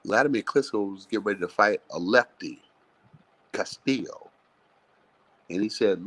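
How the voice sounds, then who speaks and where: Low, husky-voiced man telling stories. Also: unhurried, low-quality recording. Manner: animated, blunt, profane storytelling. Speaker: boxing trainer. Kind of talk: telling stories in a live interview.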